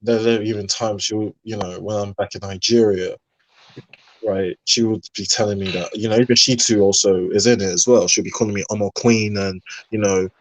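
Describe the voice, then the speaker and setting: A man in a casual online discussion, telling personal stories in an animated way and laughing often. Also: on the low side, brisk, poor audio. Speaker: panelist.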